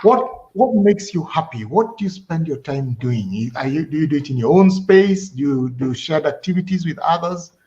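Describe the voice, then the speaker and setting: A man's voice: fairly high pitch, lively intonation, moderate pace, hardly any pauses, darkish tone. A man hosting a live online panel, speaking hesitantly with many fillers. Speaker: host. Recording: dull, lo-fi line with faint noise.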